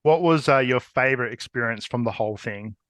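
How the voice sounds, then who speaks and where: A man's voice: medium pitch, brisk, a bit bright, no room sound. A man interviewing a guest in a friendly, chatty way, with hesitant fillers. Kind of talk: casual interview chat.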